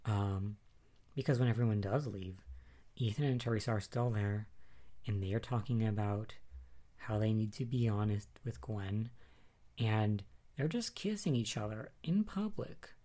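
A man's voice: fairly low pitch, unhurried, mellow. A man casually recapping soap opera episodes, chatty and rambling, with lots of fillers and asides. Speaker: recap vlogger.

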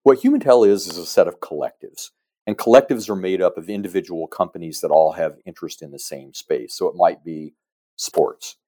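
A middle-aged man, a business advisor, giving a measured, explanatory answer as a guest on a podcast interview. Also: sits low, warm tone. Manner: measured, explanatory, frequent "you know" fillers.

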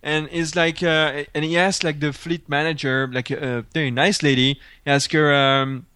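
A man co-hosting a podcast, telling animated stories in casual chat with lots of fillers. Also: on the high side, normal speed, few pauses, clean tone, dry recording, clean studio sound. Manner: animated storyteller with frequent fillers and laughs. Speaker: podcast co-host.

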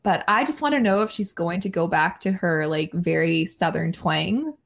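A woman hosting a casual podcast, talking in a chatty, upbeat way. Her voice sits fairly low, with a gravelly edge running through it. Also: animated, moderate pace. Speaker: podcast host.

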